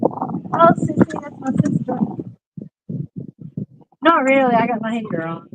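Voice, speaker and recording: A woman's voice: high-pitched, big pitch swings, moderate pace, noisy background. A woman, hosting a fishing livestream from a boat, chatting casually and laughing often as she greets viewers by name.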